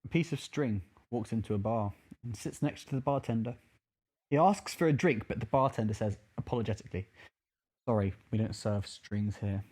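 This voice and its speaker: A man's voice: lowish voice, normal speed, darkish tone. A man co-hosting a podcast, telling long jokes as a story and putting on voices for the characters. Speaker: podcast co-host.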